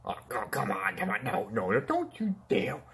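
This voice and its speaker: A man's voice: medium pitch, wildly swooping pitch, normal speed, gravelly, a bit bright, full character voice. A man voicing a boastful, whiny male clown villain in a toy-figure fan play, pleading and taunting by turns and yelping in pain.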